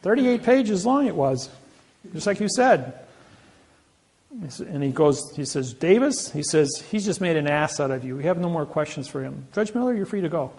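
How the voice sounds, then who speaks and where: A man with a gravelly, fry-laden voice pitched slightly high spins boastful anecdotes. He talks casually and rambles, doubling back and restarting sentences as he goes. He comes across as a self-styled legal advocate. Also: animated, moderate pace, darkish tone.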